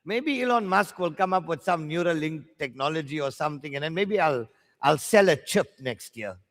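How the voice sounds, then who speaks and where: A man's voice: on the high side, expressive, normal speed, fairly bright tone, big-room sound. A South African man teaching maths at a live exam workshop, joking with learners in slangy banter.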